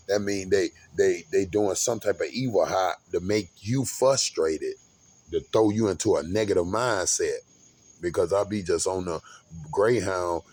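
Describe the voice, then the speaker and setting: A man with a somewhat low voice tells a rambling, casual story straight to his audience. He curses freely and trips over his own words, restarting phrases again and again. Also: darkish tone. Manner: rambling, profane, with repeated restarts. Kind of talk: casual monologue recounting a bus trip.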